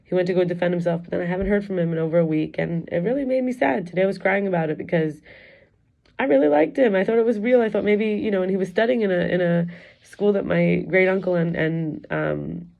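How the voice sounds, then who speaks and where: A middle-aged woman speaking in a low, mellow voice, candid and confessional as she reflects on her year. Her talk rambles and restarts in a personal vlog way. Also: fast talker, gravelly, highs cut off. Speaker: wellness coach and teacher.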